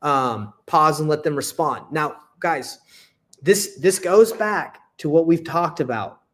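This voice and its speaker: A man's voice: fairly high pitch, slow, fairly bright tone. A young man teaching real estate wholesaling in a casual way, acting out phone call lines and often checking in with "right?". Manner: conversational, acts out call dialogue, frequent "right?" and restarts. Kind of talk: casual teaching, reading through a call script.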